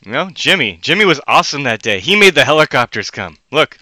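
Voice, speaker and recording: A man rambling on a solo live stream at home, jumping between loud outbursts and low muttering. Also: big pitch swings, quick pace, no echo.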